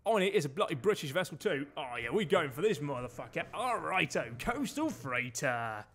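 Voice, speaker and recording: A man's voice: fairly high pitch, big pitch swings, fairly quick, fairly bright tone, breathy edge. A man from Denmark giving chatty, sweary commentary while streaming a game and barking orders at his crew. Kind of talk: casual gameplay commentary.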